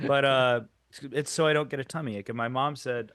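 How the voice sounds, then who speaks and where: A man's voice: mid-range voice, animated, normal speed, fairly bright tone, no room sound. A young man co-hosting a comedy podcast, rambling through stories and laughing at his own jokes. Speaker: podcast co-host. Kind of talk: casual comedic chat.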